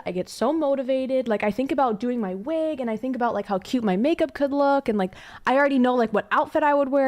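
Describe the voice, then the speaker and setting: Young woman streamer, a bit high-voiced; loose, rambling chat full of fillers and swearing. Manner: rambling, many fillers, cursing. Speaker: livestreamer. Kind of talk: casual chat with viewers.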